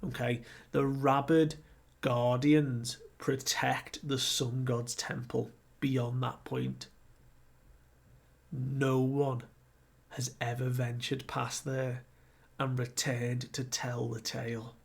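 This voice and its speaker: A man's voice: mid-range voice, level tone, takes it slowly, gravelly, breathy edge, heavily acted. A man doing a stern old biker guardian.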